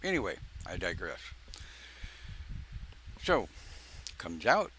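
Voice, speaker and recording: An older man, a pagan minister, giving a folksy, informal live-stream sermon with joking asides and long pauses; his voice sounds croaky. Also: low voice, big pitch swings, bright, forceful tone, a little hiss or hum.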